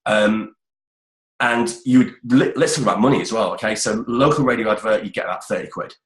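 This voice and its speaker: A middle-aged British man, appearing as a voice-over expert guest, gives career advice in a casual, chatty interview and frequently restarts his phrases. His voice is on the low side, his pace a little fast, and the recording sounds roomy and echoey.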